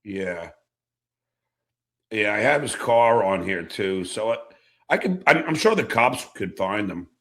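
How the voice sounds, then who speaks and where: A man's voice: lowish voice, animated, measured pace, long pauses, fairly bright tone. A man on a live stream talking through an incident, thinking aloud with hesitant, profane asides. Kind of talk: casual crude banter.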